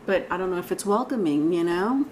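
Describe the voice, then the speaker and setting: Female tarot reader, low-pitched, chatty and rambling, speaking directly to her viewers. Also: animated, fairly quick, darkish tone, slight background noise, low-quality recording. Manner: chatty, rambling, frequent sighs and laughs. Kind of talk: casual tarot reading.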